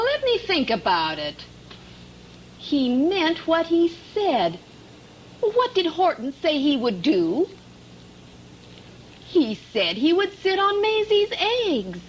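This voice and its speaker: A woman speaking gently and thoughtfully in a children's record dialogue. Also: high voice, a little hiss or hum, exaggerated voice. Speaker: story companion.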